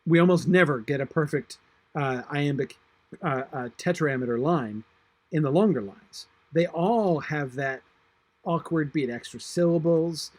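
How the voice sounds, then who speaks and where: A man teaching a literature class, reading verse aloud slowly and thinking aloud with many fillers and restarts. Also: fairly high pitch, dry recording. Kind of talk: online class discussion of a poem.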